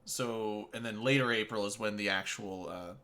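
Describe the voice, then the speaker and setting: A man co-hosting a casual gaming podcast, relaxed and jokey, often trailing off softly. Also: lowish voice, moderate pace.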